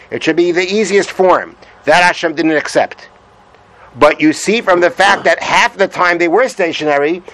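With a slightly high, fairly bright voice, a man teaches Torah, reading Hebrew texts aloud, translating them and patiently going back over his points. The recording quality is low.

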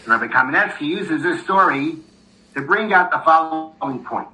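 A man's voice: a little high, expressive, normal speed, bright, forceful tone, poor audio. A man giving a Torah class in a thoughtful way, with many fillers and restarts as he explains a text and reads a story aloud. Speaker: Torah teacher.

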